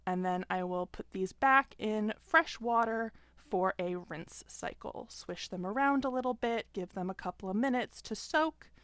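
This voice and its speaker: Young woman, smooth clear voice, dry close sound, relaxed tutorial narration at home. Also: mid-range voice, no echo. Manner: calm, step-by-step explaining with frequent "um". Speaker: fiber arts vlogger.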